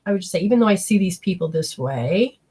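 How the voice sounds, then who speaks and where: A woman hosting a show as a psychic medium, talking casually and bluntly as she passes on spirit messages in quick, fragmented bursts and swears freely. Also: on the low side, lively intonation, mellow, slightly rough.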